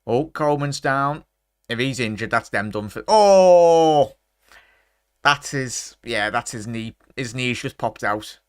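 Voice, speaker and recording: A man, chatting to his live chat during a football watchalong and breaking into excited shouts at big chances. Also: medium pitch, moderate pace, no echo, clean studio sound. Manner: talks straight to his chat. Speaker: watchalong streamer.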